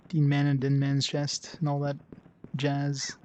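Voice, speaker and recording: A man talks over his game as he plays, in a loose, unscripted way. His voice sits a little high for a man, and he makes dry, sarcastic asides, padded with fillers. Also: completely flat delivery, measured pace, a little mellow, a little hiss or hum. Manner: wry and sarcastic, with frequent fillers. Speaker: let's play host. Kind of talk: casual game commentary.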